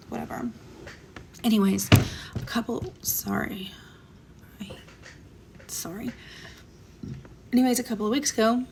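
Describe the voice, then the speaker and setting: A vlogger in her thirties tells a personal story in a casual storytime monologue, candid and emotional, sometimes dropping to a whisper. Her voice is medium-pitched and gravelly, with a little hiss or hum in the audio.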